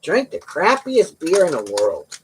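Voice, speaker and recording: A man's voice: sits high, huge pitch swings, unhurried, slight background noise. A middle-aged man hosting a livestream, chatting casually with viewers and telling rambling, joking stories. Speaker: livestream host.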